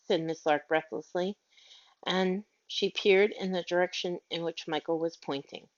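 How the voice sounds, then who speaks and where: A woman narrating a children's story aloud in a gentle, measured reading. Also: lowish voice, steady tone. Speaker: audiobook reader. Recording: dull lo-fi audio.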